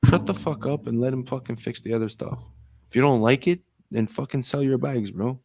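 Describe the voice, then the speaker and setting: A man's voice: mid-range voice, fairly quick, a little mellow, dry recording. Man, crypto show co-host, foul-mouthed, ranting, dry close mic. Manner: profane, ranting, mocking impressions. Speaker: podcast co-host. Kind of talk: casual crypto chat.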